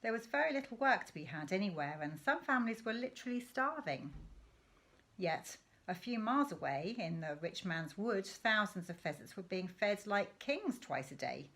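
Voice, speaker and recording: A woman teacher reading a children's novel aloud in an expressive way. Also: medium pitch, moderate pace. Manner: expressive, with animated rises and falls.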